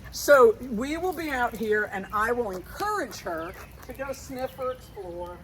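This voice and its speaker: Woman, dog trainer, explanatory lesson, bright high calls to a dog, faint crickets and traffic outdoors. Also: sing-song, unhurried. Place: outdoors on a street.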